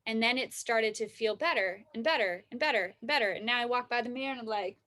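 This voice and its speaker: A woman's voice: on the high side, fast talker, pushed and bright. A woman giving a casual self-help talk about self-love, speaking conversationally and often checking in with "right?" and "you know?". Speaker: wellness teacher.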